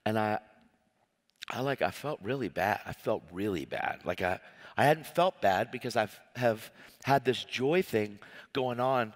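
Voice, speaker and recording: A man preaching a personal testimony sermon, telling his story in an animated, emotional way with many restarts. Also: lowish voice, measured pace. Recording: long hall reverb.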